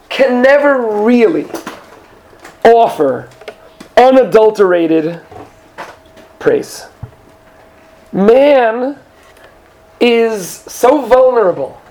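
A man with a high, light voice teaches a class about a holiday prayer. He talks casually and animatedly, slipping into jokes and acting out little scenes for his students. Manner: animated storytelling with joking asides. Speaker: Torah teacher. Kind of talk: classroom lesson.

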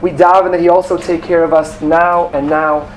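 A man giving an animated Torah class, asking rhetorical questions and using Hebrew terms. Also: a little high, moderate pace, heavy background noise. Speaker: Torah teacher.

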